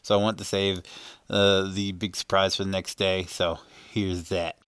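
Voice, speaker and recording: A man's voice: sits low, flat delivery, moderate pace, very noisy. A man casually narrating a voice-over for his vlog, rambling with many fillers and laughing as he goes. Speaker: vlogger.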